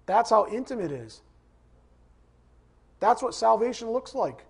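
Male pastor, husky voice, high pitch, emphatic sermon delivery, rhetorical questions. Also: big pitch swings, measured pace, long pauses. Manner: emphatic preacher, repeats scripture references, asks congregation questions.

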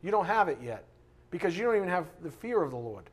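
Blunt, fiery high-voiced male preacher. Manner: blunt, animated, swings between loud and quiet; reads scripture slowly with emphasis. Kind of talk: informal sermon.

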